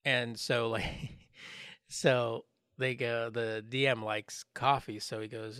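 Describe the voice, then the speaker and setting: A man's voice: medium pitch, normal speed, fairly bright tone, dry recording, clean studio sound. A man co-hosting a podcast in casual chat, rambling and joking, acting out what others said. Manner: rambling, joking, acts out quoted voices. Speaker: podcast co-host.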